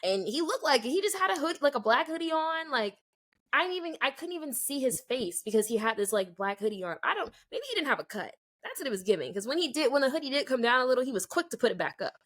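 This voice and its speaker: Speaking fast in a high voice, this young podcast co-host recounts a story conversationally. She performs the dialogue with lots of energy and fills her lines with "like."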